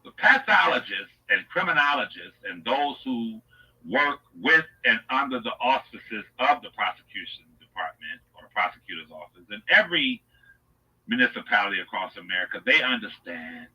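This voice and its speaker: A man's voice: on the low side, bright, forceful tone, husky, recorded from a distance, rough recording. A man giving emphatic, scornful reaction commentary, lecturing the viewer.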